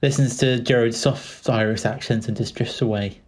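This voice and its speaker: A man co-hosting a podcast in casual chat, joking and ranting in an animated way. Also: mid-range voice, normal speed. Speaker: podcast co-host.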